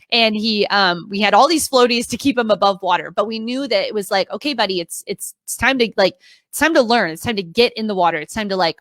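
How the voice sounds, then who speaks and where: Emotional and sometimes close to tears, a video coach in her thirties speaks earnestly to a live online audience in a motivational talk, emphatically repeating key lines. Her voice runs somewhat high and bright, captured in clean, dry studio sound.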